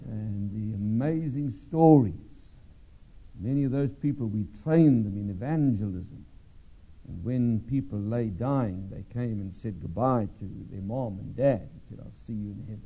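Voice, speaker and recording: A man preaching a sermon, telling a story with pauses and hesitant fillers before reading scripture. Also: lowish voice, husky, highs cut off.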